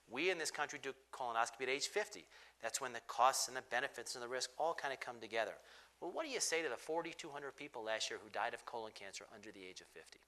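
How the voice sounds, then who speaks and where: A man speaking as a physician on a discussion panel, explaining emphatically and moving quickly from point to point. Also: mid-range voice, animated, pushed and bright.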